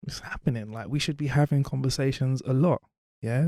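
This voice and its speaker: Animated young man telling stories. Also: mid-range voice, fairly quick, dry recording, studio quality. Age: 20s. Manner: animated, lots of "you know". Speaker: guest, media presenter. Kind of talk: casual interview chat and storytelling.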